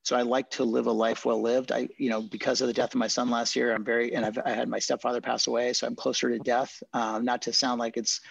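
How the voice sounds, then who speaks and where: Gravelly fast-talking middle-aged man. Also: medium pitch, level tone, dry recording. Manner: fast, restless talker with many restarts. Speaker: podcast guest. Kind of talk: casual interview chat.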